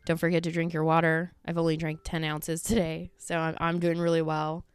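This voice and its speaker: A woman's voice: low voice, monotone, brisk, smooth, dry recording, faint music behind. A woman hosting a casual solo podcast from home, rambling with lots of fillers and casual swearing. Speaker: podcast host.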